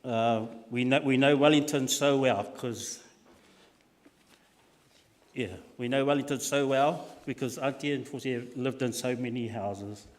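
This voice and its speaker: A man's voice: medium pitch, a little slow. A man giving a funeral eulogy from notes, recalling childhood stories with many restarts. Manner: warm storytelling with frequent uh and restarts. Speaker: family member giving a eulogy. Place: church hall. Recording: long echo of a large church hall.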